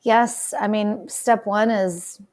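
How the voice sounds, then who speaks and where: A woman guest on an interview podcast, a dentist and speaker, telling her story in a chatty, animated way. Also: medium pitch, takes it slowly. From Charlotte, United States. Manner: chatty, animated, laughs often.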